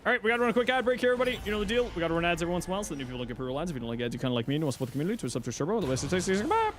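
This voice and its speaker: Guy streaming a game, fairly high voice, super bouncy and expressive, yelps and mutters at the screen. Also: racing, slight background noise. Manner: animated, exclaiming and talking to himself while playing. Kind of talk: casual live gameplay commentary.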